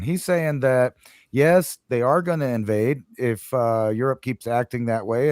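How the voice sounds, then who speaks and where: A man's voice: medium pitch, a little mellow, dry recording, clean studio sound. A man chatting casually on a live radio show, rambling with lots of hesitations and fillers.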